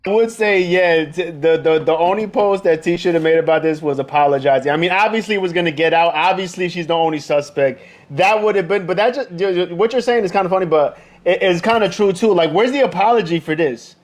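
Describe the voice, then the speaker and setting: A man's voice: sits high, fairly quick, hardly any pauses. A man co-hosting a podcast, chatting loosely, with frequent stammers and restarts. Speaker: podcast co-host. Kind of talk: casual chat.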